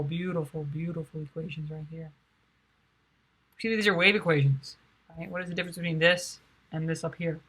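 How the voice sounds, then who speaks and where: A tired young woman quietly working through a physics derivation, thinking aloud in a soft, low-key way with many fillers. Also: breathy edge. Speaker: physics tutor.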